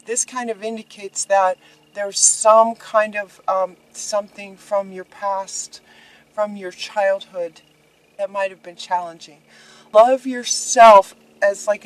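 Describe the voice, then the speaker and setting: A woman doing a tarot reading, talking straight to her viewers in a soft, reassuring way. She often says her main points twice. Her voice sits at an ordinary middle pitch. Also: fairly even intonation, a little slow, no room sound, poor audio. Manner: gentle and encouraging, repeats key phrases. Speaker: tarot reader.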